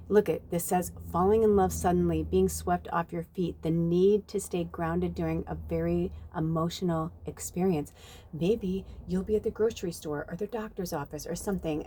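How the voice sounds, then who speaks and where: A woman's voice: lowish voice, dark tone. A woman giving a casual channeled spiritual reading, chatty and rambling with many fillers, talking outdoors at night. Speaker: tarot reader.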